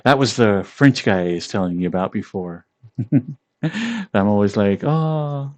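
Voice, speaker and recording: A man's voice: on the low side, big pitch swings, normal speed, dry recording. A man streaming casually from home, playful and giggling often as he chats.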